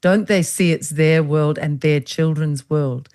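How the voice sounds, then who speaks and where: Low-voiced, emphatic woman host. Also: fairly even intonation, a little slow, darkish tone. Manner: emphatic, speaks directly to viewers, indignant. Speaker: interviewer, host. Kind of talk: conversational interview.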